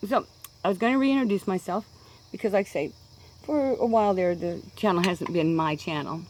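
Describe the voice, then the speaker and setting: A woman's voice: on the low side, brisk, a little mellow, slight background noise, rough recording. A woman in her sixties with a Kansas accent, chatting in a rambling way on her video blog and going off track, outdoors on a deck. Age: 60s. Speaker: pipe-smoking vlogger. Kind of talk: casual rambling monologue.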